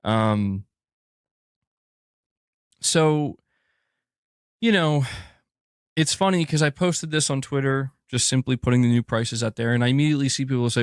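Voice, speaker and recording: A man speaking on a gaming podcast in a clip being played back. He sounds exasperated and dismissive, at an ordinary pitch. The recording is dry and close. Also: measured pace, long pauses, clean tone, dry recording. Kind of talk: opinion podcast commentary.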